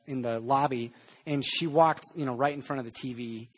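A man preaching a sermon in a conversational way, with animated storytelling. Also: mid-range voice, normal speed, breathy edge. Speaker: pastor.

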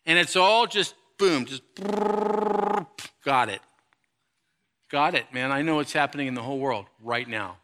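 A middle-aged man preaching a conversational sermon, animated and casual, acting out asides and sound effects. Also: mid-range voice, moderate pace, a little hiss or hum. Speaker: pastor.

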